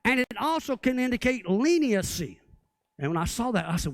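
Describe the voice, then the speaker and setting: A man's voice: very high-pitched, very animated, moderate pace, no echo. A man preaching a sermon as pastor, often asking the congregation rhetorical questions.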